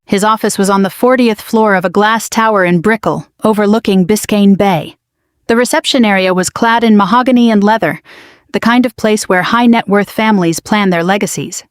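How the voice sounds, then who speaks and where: A woman reading a dramatic family story aloud in a steady, scripted narration style. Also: mid-range voice, brisk, dry recording, clean studio sound.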